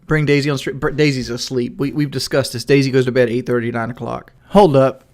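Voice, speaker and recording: A man's voice: mid-range voice, flat delivery, fast, darkish tone. A man with a Southern accent, livestreaming in a rambling, profane, casual way and reading questions from chat. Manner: rambling and profane, many "like" fillers.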